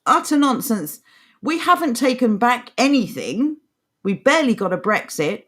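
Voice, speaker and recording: A woman's voice: fairly high pitch, very animated, normal speed, fairly bright tone. A woman co-hosting a casual opinion podcast, blunt and scornful, laughing often as she talks and reads aloud. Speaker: podcast co-host. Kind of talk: casual opinionated chat, reading an article aloud.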